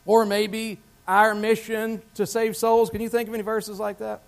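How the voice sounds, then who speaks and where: High-voiced male pastor preaching. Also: monotone, moderate pace, gravelly, smooth. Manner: conversational, asks the congregation questions. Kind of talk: sermon. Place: church.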